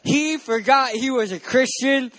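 Preacher, young man from San Diego, very high voice, playful and animated, punches lines loudly. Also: unhurried. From San Diego, California. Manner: playful, animated storytelling, bursts of loud emphasis. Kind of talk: sermon with personal stories.

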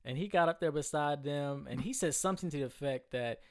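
A man's voice: a little high, fairly quick. A man co-hosting a casual advice chat, encouraging and a bit preachy. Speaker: podcast co-host.

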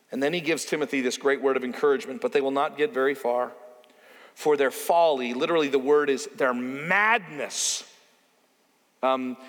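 A man's voice: a little high, a bit bright. A man pastor preaching a sermon in a conversational way, asking his listeners rhetorical questions. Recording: long hall reverb.

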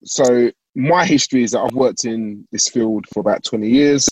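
A middle-aged man hosting an interview, speaking in a measured, reflective way. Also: medium pitch, darkish tone, slight background noise, low-quality recording. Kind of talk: interview conversation.

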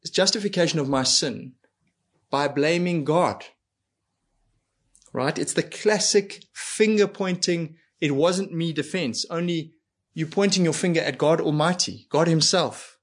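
A man's voice: fairly high pitch, expressive, a little slow, breathy edge. A man preaching a sermon in an earnest way, asking rhetorical questions and acting out quoted lines. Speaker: pastor.

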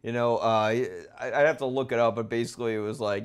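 A man's voice: medium pitch, fairly even intonation, quick pace, clear, resonant tone. A man hosting a casual podcast chat, joking, swearing and laughing often. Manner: jokey and profane, laughs often. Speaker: podcast host.

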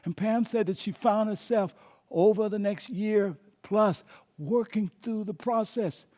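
A man preaching a sermon as pastor, calling on the congregation to repeat words, swinging between emphatic and hushed delivery. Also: high-pitched, a little slow. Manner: preaching with call-and-response prompts to the congregation.

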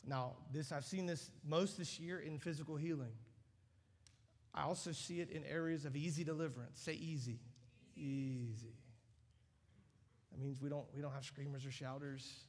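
A man preaching a sermon in a large church auditorium, animated and emphatic, building to loud peaks. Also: a little high, brisk. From United States. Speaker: guest preacher. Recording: long reverb of a large hall.

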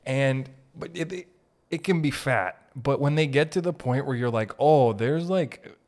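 A man's voice: medium pitch, moderate pace. Giggly, profane man riffing on a podcast. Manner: giggly, profane, jumps between jokes. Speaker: podcast host. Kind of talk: rambling comedic monologue.

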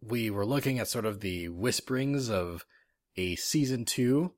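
A man co-hosts a gaming podcast in a relaxed, enthusiastic chat, full of fillers and quick laughs. His voice sits low and sounds dry and close to the mic. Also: no room sound. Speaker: podcast co-host. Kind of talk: casual chat.

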